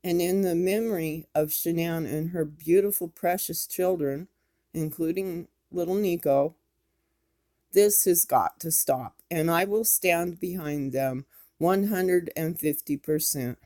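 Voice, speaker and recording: A woman's voice: on the low side, a little slow, warm tone. A woman, speaking in an impassioned, scolding commentary vlog. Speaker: YouTube commentator.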